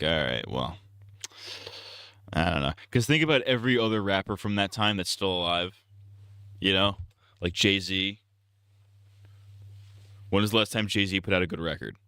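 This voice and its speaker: A male streamer rants in a loose, profane, blunt ramble, often restarting his sentences. His voice is low and clean, recorded close and dry on a streaming mic. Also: brisk, sharp tone, clear, resonant tone, no echo. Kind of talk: casual live-stream rant.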